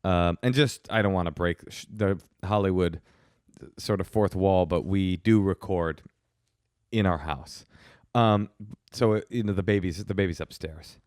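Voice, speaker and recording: A man co-hosting a podcast from home, chatting casually with wry, deadpan storytelling. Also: sits low, a little slow, dry recording, clean studio sound. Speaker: podcast co-host. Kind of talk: casual chat. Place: home studio.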